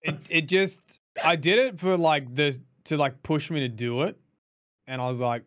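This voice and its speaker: A man co-hosting a podcast in easygoing casual chat. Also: fairly high pitch. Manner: lively, quick, easygoing. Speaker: podcast co-host.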